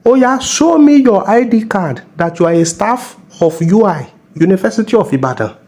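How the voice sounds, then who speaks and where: Man playing a Nigerian police officer, bullying, mocking, dark husky tone. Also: high-pitched, animated, normal speed. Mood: scolding. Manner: scolding, mocking, bossy. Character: bullying middle-aged male traffic cop. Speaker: police officer character in a comedy skit.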